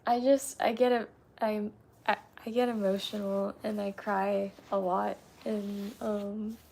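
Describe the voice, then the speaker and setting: A woman chatting casually with her livestream viewers, halting and soft-spoken with many fillers and restarts. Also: mid-range voice, flat delivery, creaky, a little hiss or hum. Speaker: livestream host.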